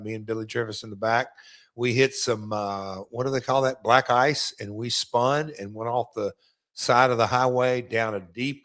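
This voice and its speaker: A man's voice: mid-range voice, a bit bright. Middle-aged guy co-hosting a podcast, chatty and rambly, keeps restarting lines. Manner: rambling storyteller, restarts sentences. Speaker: co-host and former wrestler. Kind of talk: casual podcast chat.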